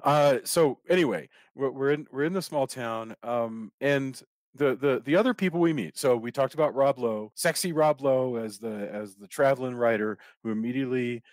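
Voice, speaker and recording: A man's voice: medium pitch, moderate pace, no room sound, studio quality. A middle-aged man hosting a podcast, talking through a film in a rambling way, often restarting and repeating words. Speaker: podcast host. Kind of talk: casual film discussion.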